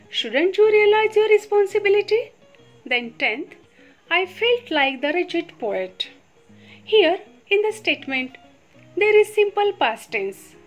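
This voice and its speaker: A woman, explaining grammar exercises slowly and patiently as a teacher. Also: extremely high pitch. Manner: slow, patient, repeats rules.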